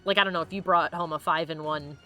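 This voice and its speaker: A woman's voice: deep voice, steady tone, quick pace, sharp tone, soft background music. A woman streaming a video game, chatting casually and swearing at enemies between laughs. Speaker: let's play streamer. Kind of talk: casual gameplay commentary.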